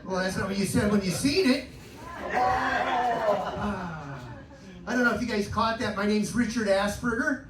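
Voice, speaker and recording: High-voiced crude stand-up comic, roomy club. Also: male voice, a little slow. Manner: crude, self-deprecating, loose crowd work. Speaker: stand-up comedian. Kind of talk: stand-up set. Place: live cabaret stage with audience. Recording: roomy live club recording from a distance, noisy.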